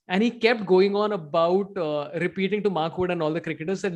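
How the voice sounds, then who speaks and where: A man's voice: sits high, expressive, a little fast, creaky. A man hosting a casual cricket chat show, talking in a loose, rambling way with many fillers and restarts. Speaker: podcast host.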